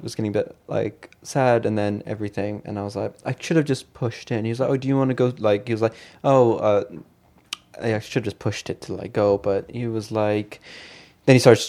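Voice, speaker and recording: A man, co-hosting a podcast, tells a story with animated delivery, acting out voices and laughing often. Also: lowish voice, a little fast. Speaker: podcast co-host. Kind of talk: casual chat, storytelling.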